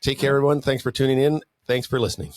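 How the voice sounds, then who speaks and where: A man's voice: mid-range voice, quick pace, darkish tone, dry recording. A man co-hosting a podcast in easygoing casual chat, agreeing a lot and using many fillers. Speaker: podcast co-host.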